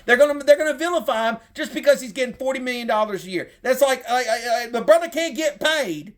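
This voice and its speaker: A middle-aged man with a Southern drawl and a very high voice rants about his team. He talks heated and profane, circling back on the same points. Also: lively intonation, brisk. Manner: heated, profane, repetitive rant. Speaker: sports fan content creator. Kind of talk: fired-up sports rant.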